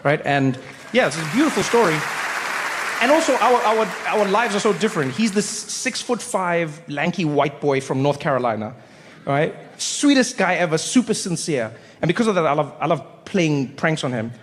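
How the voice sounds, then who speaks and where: A man from South Africa performing stand-up comedy, telling stories in a playful, animated way on a large stage. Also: fairly high pitch, normal speed, some chatter behind. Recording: long hall reverb, faint noise.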